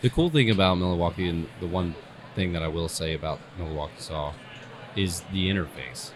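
A man's voice: low-pitched, a little fast. A man chatting in a matter-of-fact way on a podcast. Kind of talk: casual podcast chat. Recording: noisy background.

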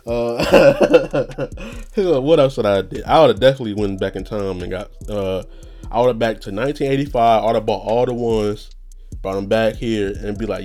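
A young man hosting a casual solo podcast rant, rambling and profane, with sudden high-pitched outbursts. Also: normal speed, a little mellow. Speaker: podcast host.

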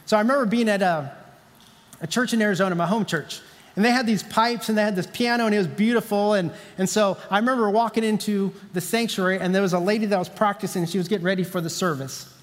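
High-voiced male pastor in a reverberant church. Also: fast talker. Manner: conversational storytelling, emphatic repetition. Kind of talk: sermon.

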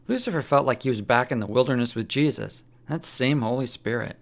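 A man narrating a religious story aloud in a plain, steady storytelling manner, with a gravelly voice. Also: medium pitch, fairly quick, few pauses.

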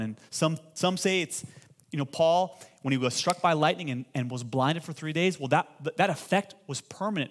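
A man preaching a sermon as pastor to a congregation, asking them to repeat phrases and building to loud, impassioned pleading. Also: a little high. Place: church hall with congregation.

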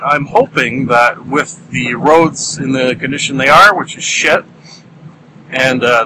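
Driving while hosting his solo podcast, a man from Ontario, Canada speaks in a medium-pitched voice over background noise. His casual monologue is playful and rambling, full of fillers, with words stretched out for comic emphasis.

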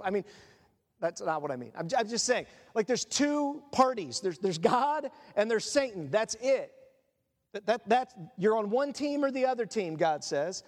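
Man, pastor, lively self-mocking storyteller, fairly high voice, long hall reverb. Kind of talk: sermon.

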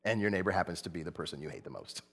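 A man's voice: sits low, racing, a bit bright, husky, long reverb tail. A male pastor preaching a sermon in a conversational style, with asides, laughs and repetitions.

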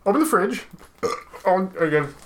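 A man with a slightly raised pitch rambles through a casual beer-tasting chat. He jokes and often trails off mid-sentence. A faint noise sits under his voice. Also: expressive, normal speed, a bit bright. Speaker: podcast co-host.

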